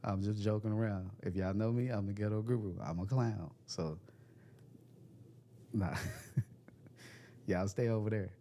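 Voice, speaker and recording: Man, low gravelly voice, mellow tone, livestream host reading chat, joking, faint hiss behind. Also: measured pace, pauses often. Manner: joking, laughs often, loose slangy talk. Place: cold room at home.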